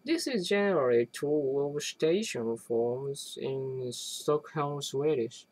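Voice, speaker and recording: A person reading an academic text aloud, halting often to restart and correct words. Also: mid-range voice, animated, darkish tone, dry recording, low-quality recording. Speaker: reader.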